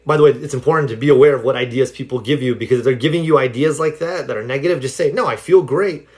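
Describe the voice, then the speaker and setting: Speaking rapid-fire in a mid-range, slightly mellow voice, a man livestreams from home with a casual self-help talk. He wanders through stories loosely, leaning heavily on fillers like "like" and "you know."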